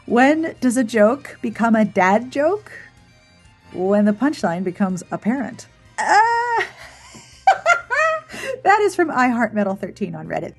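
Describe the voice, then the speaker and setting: A woman hosting a podcast, talking casually and playfully as she wraps up the episode. Her voice is a little breathy, and soft music plays quietly behind her. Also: fairly high pitch. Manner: chatty and playful, giggles at her own jokes. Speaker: podcast host.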